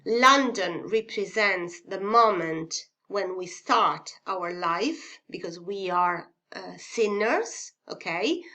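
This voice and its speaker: A woman teacher with an Italian accent talks through a revision lesson at an unhurried pace. Her voice is bright and clear, and she keeps pausing with fillers and checking in with "okay?". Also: medium pitch, lively intonation. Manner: slow and careful, hesitant with many fillers and "okay?" checks. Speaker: English literature teacher.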